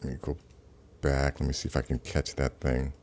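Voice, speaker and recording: A man with an extremely deep, low-pitched voice gives casual commentary over video clips as the host of his channel. He rambles loosely and often restarts his sentences. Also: monotone, fairly quick, darkish tone. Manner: rambling, with many fillers and restarts.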